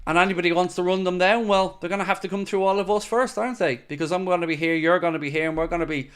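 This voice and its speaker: A young Irish man hosting a live football fan stream, chatting casually and reading comments with animated, playfully defiant energy. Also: sits high, very fast, clean tone. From Ireland. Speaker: fan channel host reading live chat.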